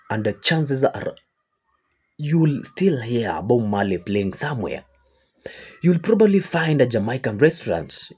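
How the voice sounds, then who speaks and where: A man hosting a reaction video, speaking in a reflective, expressive commentary style. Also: fairly low pitch, husky. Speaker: reaction channel host.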